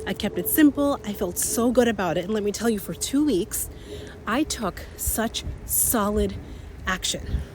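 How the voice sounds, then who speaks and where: A woman in her thirties with a slightly raspy voice, hosting an energetic motivational talk outdoors while a little out of breath from walking uphill. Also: mid-range voice, unhurried, slight background noise. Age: 30s. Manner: energetic, repeats key phrases, laughs often. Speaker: podcast host and coach.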